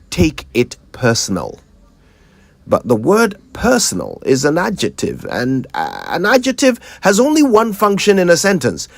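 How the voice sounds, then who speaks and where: A man's voice: medium pitch, no room sound. A Ghanaian man hosting a morning radio show and losing his voice, playfully lecturing on grammar with emphasis. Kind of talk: radio show banter and language tips. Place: radio studio. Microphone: studio microphone.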